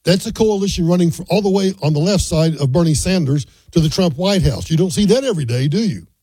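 A man's voice: on the high side, animated, fast, mellow, breathy edge, no echo, rough recording. An older man hosting a talk radio show, giving folksy, opinionated commentary.

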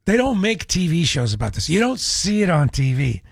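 A man's voice: a little high, big pitch swings, normal speed, creaky, breathy edge, no room sound, studio quality. A man hosting a radio talk show, chatting in a wry, opinionated monologue.

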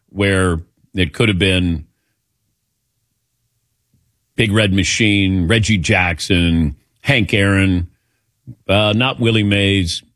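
A man's voice: fairly low pitch, a bit bright, dry recording, studio quality. A man in his sixties hosting a sports talk radio call-in show, chatty and laughing easily. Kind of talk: casual call-in chat.

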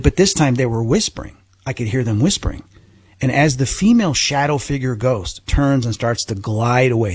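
Middle-aged guy w a husky voice, telling his story all earnest, dry close sound. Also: mid-range voice, no echo. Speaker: guest. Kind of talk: personal storytelling.

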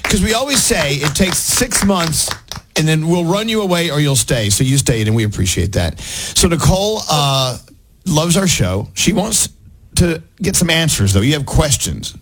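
A middle-aged man co-hosts a radio morning show, talking casually with a caller. His voice has a husky edge, and he rambles through stories with lots of restarts. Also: a little high, big pitch swings, normal speed, poor audio. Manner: chatty and storytelling, with frequent restarts. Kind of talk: casual on-air banter with a caller.

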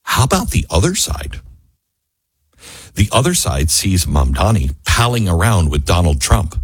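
A man's voice: sits low, huge pitch swings, measured pace, slightly rough, dry recording. A man hosting a talk radio show, delivering emphatic, impassioned opinion commentary from a studio microphone. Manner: emphatic, impassioned, mimics voices.

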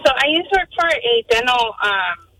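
A woman calling in to a radio show, telling a story in a lively, quick way with many fillers. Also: on the high side, no room sound. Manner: animated, fast, many fillers. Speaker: caller. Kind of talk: phone-in storytelling. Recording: tinny phone line.

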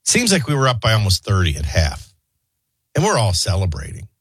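A man hosting a talk show, rambling through childhood anecdotes and a quick sports rundown. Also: on the low side, wildly swooping pitch, fairly bright tone, breathy edge, dry recording. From New Orleans area. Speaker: talk radio host. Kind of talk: casual storytelling and sports rundown.

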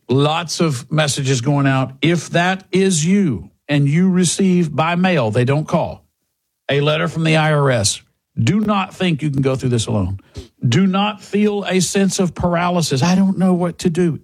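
Husky talk radio host. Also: male voice, fairly high pitch. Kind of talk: talk radio monologue and ad read.

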